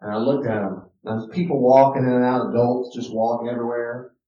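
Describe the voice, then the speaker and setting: A man's voice: medium pitch, level tone, a little fast. A middle-aged man teaching a parenting class, telling stories about raising his son and repeating words for emphasis. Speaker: teacher giving a parenting talk. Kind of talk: lecture with personal stories. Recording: roomy and distant, dull archive recording.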